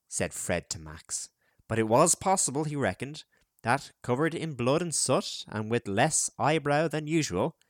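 Slow, lively-voiced male audiobook narrator. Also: on the low side, dry recording, studio quality. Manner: measured, expressive storytelling. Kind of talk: scripted narration.

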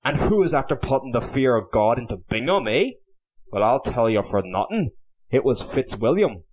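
A man voicing a furious young Irish nobleman who sputters and shouts his indignation in a storybook reading. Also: mid-range voice, big pitch swings, moderate pace, breathy edge. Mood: bitter.

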